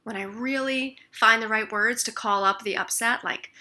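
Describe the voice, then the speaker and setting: A woman explaining emotional tapping, speaking expressively and sometimes dropping to a soft near-whisper. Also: mid-range voice, steady tone, a little fast, hardly any pauses. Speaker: tapping practitioner. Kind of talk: instructional explanation with demonstrations.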